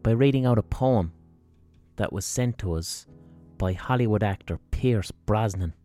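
A man's voice: lowish voice, a little slow, warm tone, faint music behind. A man with a Limerick accent hosting a podcast with a rambling, sweary comic monologue. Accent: Limerick, Irish. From Ireland. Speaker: podcast host.

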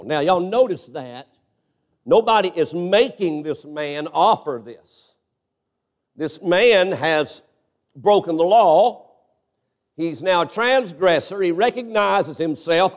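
A man's voice: high-pitched, lively intonation, slow pace. A male pastor preaching a sermon, punctuating points with frequent amens and questions to the congregation.

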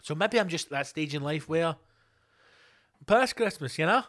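A man's voice: a little high, moderate pace. Sweary Scottish man ranting solo. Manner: sweary, ranting, animated storytelling. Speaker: podcast host. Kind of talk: casual solo rant.

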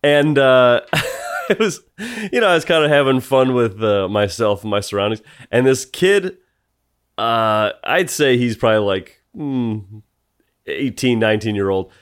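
A man's voice: mid-range voice, expressive, a little slow, smooth. A man co-hosting a podcast, telling a story in casual chat and laughing often. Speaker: podcast co-host.

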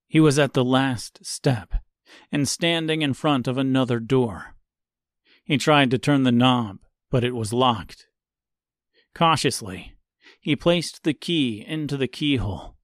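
A man narrating an audiobook in a slow, deliberate, even way. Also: mid-range voice, no echo, studio quality. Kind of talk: scripted narration.

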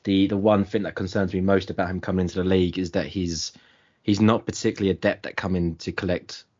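A man breaks down a player's strengths in a relaxed podcast chat. The audio is a little dull and lo-fi. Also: low voice, fast talker. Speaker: podcast co-host. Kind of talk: casual football chat.

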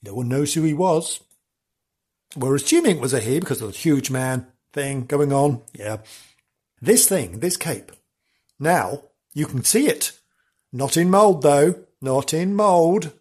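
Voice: mid-range voice, lively intonation, measured pace, a little mellow, husky. A podcast host telling local history as comic stories, with theatrical gasps and words repeated for effect.

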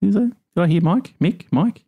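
A man's voice: high voice, moderate pace, creaky, mellow, slightly rough. A man hosting a call-in podcast, chatting casually and laughing easily with co-host and callers. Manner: friendly, banters and laughs easily.

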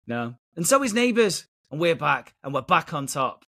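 A man's voice: on the high side, very animated, moderate pace, pushed and bright. A man hosting a podcast in casual banter, joking and laughing often. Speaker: podcast host.

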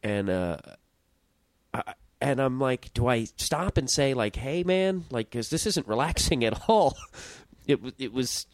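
A man's voice: medium pitch, lively intonation, unhurried, dry recording. A young man hosting his own podcast, telling a story in a rambling, self-interrupting way and swearing casually. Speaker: podcast host.

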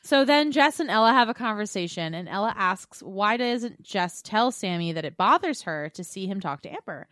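A chatty woman co-hosting a podcast, telling stories with animated energy and frequent laughs. Her voice sits at an ordinary middle pitch. The sound is close and dry, with no room around it. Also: normal speed, few pauses, no echo. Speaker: podcast co-host. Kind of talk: casual chat recapping reality TV.

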